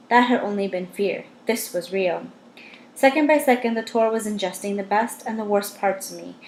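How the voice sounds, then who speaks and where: A woman's voice: medium pitch, a little mellow, slight background noise. Woman narrating a novel in a roomy echo. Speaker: audiobook reader. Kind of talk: first-person novel narration.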